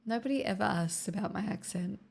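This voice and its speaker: A young woman with an Australian accent chatting to her live stream viewers, answering their comments in a flat, tired way with self-mocking jokes. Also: mid-range voice, brisk, gravelly, slightly rough. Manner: flat, tired delivery with joking self-mockery. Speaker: livestreamer. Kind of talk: casual live chat reading comments.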